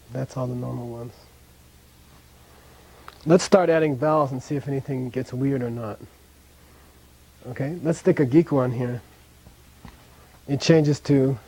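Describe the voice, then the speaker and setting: A man's voice: mid-range voice, poor audio. A middle-aged man teaching a language class in a casual way, often checking in with his students. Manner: relaxed, casual, checks in with "okay?".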